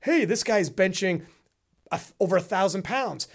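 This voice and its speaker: A man co-hosting a casual podcast, talking in a rambling, animated way and laughing often. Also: sits high, normal speed. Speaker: podcast co-host.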